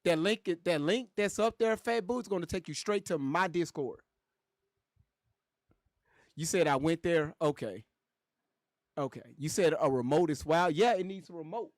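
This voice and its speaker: A man riffs loudly with his livestream chat, repeating lines for laughs. His voice sounds close and dry, with no room echo. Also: fairly high pitch, moderate pace, pauses often. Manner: loud, joking, animated, repeats phrases. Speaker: livestream host reading chat.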